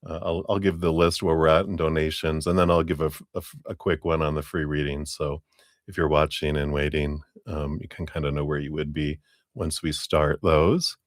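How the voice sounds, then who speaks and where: A man's voice: rumbling low, flat delivery, moderate pace, dry recording, clean studio sound. A man hosting a live tarot reading stream, greeting viewers by name in a friendly, casual way and chuckling often.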